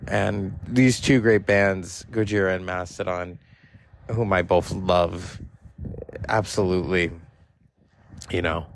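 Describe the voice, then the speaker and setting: A man's voice: deep voice, vocal fry, slight background noise, low-quality recording. A man in his forties hosting a podcast, telling casual personal stories in a rambling, profane way with lots of fillers. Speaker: podcast host.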